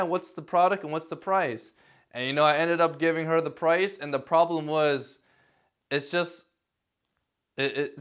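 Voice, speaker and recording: A man's voice: fairly high pitch, fairly bright tone, smooth. A man vlogging casual advice in a self-deprecating way, chuckling now and then. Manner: self-deprecating, many fillers and restarts, chuckles. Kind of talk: casual talking-head advice.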